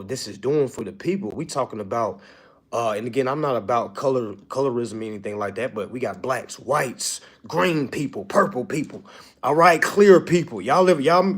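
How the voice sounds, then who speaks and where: Animated instructor man. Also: medium pitch, moderate pace, breathy edge. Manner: animated, profane, keeps asking "all right?". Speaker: seminar instructor. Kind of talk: casual talk to a live audience.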